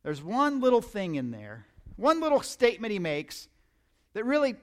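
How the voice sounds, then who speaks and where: A man's voice: high-pitched, huge pitch swings, moderate pace, a bit bright. A man preaching a sermon in a conversational, emphatic way, often repeating words as he starts a thought. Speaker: pastor.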